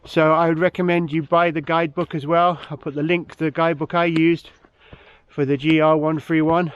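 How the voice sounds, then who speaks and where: A man's voice: fairly high pitch, flat delivery, fairly quick, clear, resonant tone, no room sound, dull audio. A man vlogging hiking tips outdoors on a mountain trail, slightly out of breath, giving plain practical advice and repeating his main points. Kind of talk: outdoor vlog with tips to camera.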